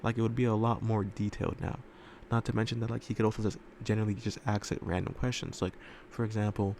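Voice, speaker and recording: A man's voice: lowish voice, level tone, quick pace, a little mellow, a little hiss or hum. A man telling a fan story casually, rambling with lots of fillers and loose swearing, recorded in a room at home.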